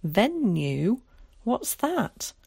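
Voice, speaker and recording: A woman's voice: mid-range voice, sing-song, drawn-out words, vocal fry, a little mellow, breathy edge, dry recording, studio quality, pitched above the performer's own voice, full character voice. A woman reading aloud, voicing a shy, timid young boy asking wondering questions.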